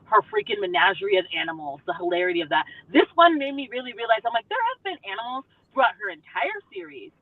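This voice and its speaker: A woman's voice: fairly high pitch, fast, hardly any pauses, no room sound. A woman co-hosting a casual book club chat, talking animatedly and acting out lines from the book. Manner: animated, acts out quotes from the book. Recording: tinny phone-like call audio.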